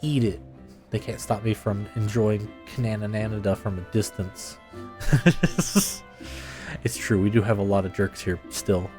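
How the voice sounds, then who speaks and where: A man's voice: on the low side, level tone, normal speed, warm tone, faint music behind. A man streaming a game live, chatting casually with viewers in a laid-back way and laughing often.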